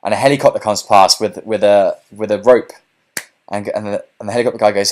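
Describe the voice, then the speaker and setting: A man giving a webinar sales pitch as a business coach, pushing viewers to take action and often saying "okay" and "look". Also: fairly even intonation, fairly quick. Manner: pushy, repeats "okay" and "look".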